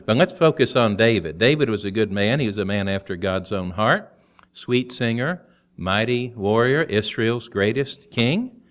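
A man preaching a sermon in a folksy, storytelling way, with quick humorous asides. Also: on the low side, animated.

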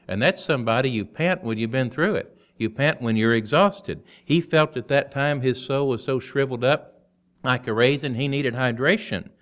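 Folksy preacher man, slightly low voice. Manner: folksy, animated storytelling with quick asides. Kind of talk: sermon.

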